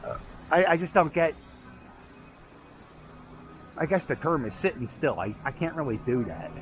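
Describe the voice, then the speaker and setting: Out on city streets with his dog, a man films himself while rambling and joking, delivering a casual walking commentary for his vlog. He sounds a little high and animated at a normal speed, with slight background noise.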